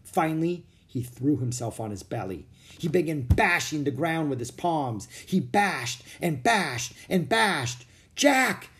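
A man narrating a children's storybook with an expressive reading. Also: a little high, a little slow.

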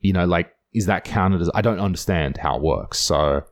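Australian male comedian, lowish voice, animated sweary anecdotes. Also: moderate pace. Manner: animated storytelling with swearing and laughter. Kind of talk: casual chat.

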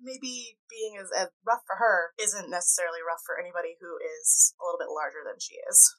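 A woman's voice: lowish voice, steady tone, fairly quick, a bit bright, poor audio. A woman tabletop player chatting casually and thinking aloud about her character. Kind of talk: casual chat.

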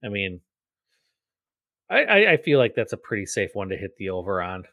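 A man's voice: lowish voice, big pitch swings, normal speed, creaky, bright, forceful tone, no echo. A man co-hosting a podcast, talking through picks and stats in casual chat. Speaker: podcast co-host. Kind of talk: casual sports betting chat.

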